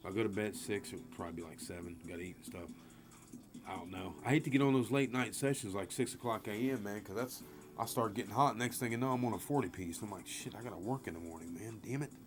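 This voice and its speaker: A man streaming live about craps dice throws, rambling and excitable, swearing freely as he talks. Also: on the low side, fast. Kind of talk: casual live-stream talk. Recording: music playing behind.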